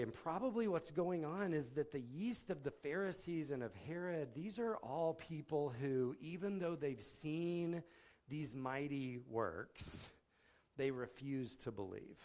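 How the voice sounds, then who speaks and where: A man's voice: fairly high pitch, expressive, unhurried, a little mellow. A man giving a sermon in a conversational tone, often acting out quotes from the people in the story. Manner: conversational, with filler words and restarts, acting out quotes. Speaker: pastor.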